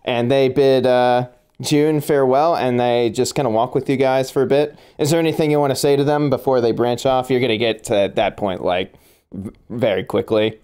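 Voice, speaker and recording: A man narrating a tabletop game as game master, relaxed and laughing often, with plenty of fillers. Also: medium pitch, moderate pace, clean tone.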